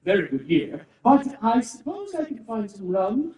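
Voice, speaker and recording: A man's voice: high-pitched, huge pitch swings, a little slow, darkish tone, full character voice. An actor playing a fussy, vain male aristocrat who gushes and rambles theatrically. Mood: gushing. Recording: roomy, distant, game music behind.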